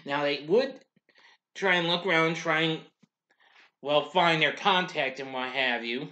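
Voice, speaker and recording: Man, slightly high voice, bright and forceful, casual review, rambling asides. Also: unhurried. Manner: rambling, heavy on "well" and "anyway" asides. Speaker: cartoon reviewer and host.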